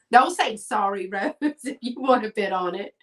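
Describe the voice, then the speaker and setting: A woman's voice: mid-range voice, fairly bright tone, far from the mic. A chatty woman hosting a live sale stream, reading out bids and saying y'all. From Texas. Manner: chatty, says y'all, reads bids aloud. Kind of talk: live selling stream, casual chat.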